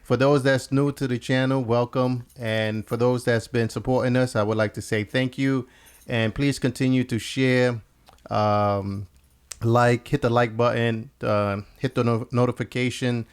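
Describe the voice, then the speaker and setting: A man's voice: mid-range voice, smooth. Laughing, easygoing man hosting a chat show. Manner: laughs often, loose and joking. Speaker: podcast host. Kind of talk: casual chat.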